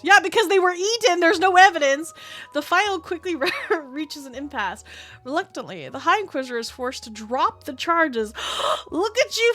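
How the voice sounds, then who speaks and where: Woman streamer, high bright voice, giggly and chatty, faint music underneath. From Canada. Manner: giggly, chatty, swears casually. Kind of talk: casual gaming stream chat.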